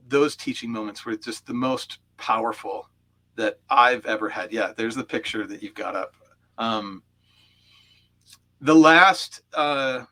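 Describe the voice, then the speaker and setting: With a lowish, sharp-toned voice, a male coach reflects on personal memories while being interviewed. His storytelling is heartfelt and thoughtful, sprinkled with plenty of fillers.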